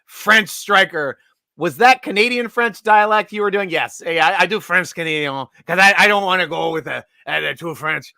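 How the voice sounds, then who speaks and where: A man hosting a live fan stream, talking in an excitable, rambling way with frequent restarts. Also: high voice, normal speed, vocal fry, dry recording, studio quality. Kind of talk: excited casual fan commentary.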